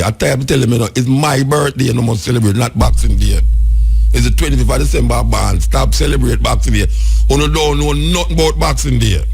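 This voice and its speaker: A man's voice: mid-range voice, gravelly, darkish tone, husky. A Jamaican man hosting a radio call-in show, commenting wryly and musing aloud. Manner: wry, musing, laughing commentary. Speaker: radio host.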